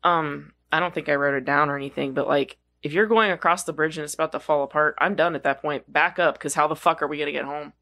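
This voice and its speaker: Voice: medium pitch, steady tone, fast, hardly any pauses, bright, forceful tone. A podcast co-host in casual chat about a movie, rambling with many fillers and some swearing.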